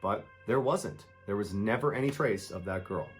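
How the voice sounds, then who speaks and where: A man's voice: on the low side, moderate pace, faint music behind. A man telling true scary stories as scripted narration, with a dramatic delivery that acts out the people in the story.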